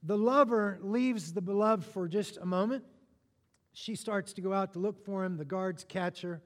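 Animated preacher man in a reverberant hall. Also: high-pitched, moderate pace. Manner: animated, joking asides to the congregation. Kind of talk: sermon.

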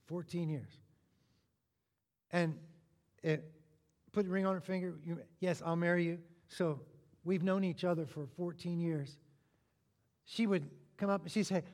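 With a long reverb suggesting a large hall, a high-voiced man delivers an animated sermon. He keeps the energy lively and throws playful, joking asides to the congregation.

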